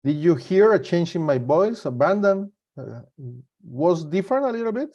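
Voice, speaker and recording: Higher-voiced man presenting a security webinar. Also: very animated, mellow, dull audio. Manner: halting, repeats and restarts words. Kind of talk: live webinar talk.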